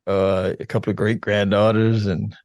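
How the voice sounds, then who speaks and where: An older man with a deep, calm radio voice, chatting casually as a podcast guest, relaxed and laughing, with halting restarts. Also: no room sound, clean studio sound. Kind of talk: casual interview chat.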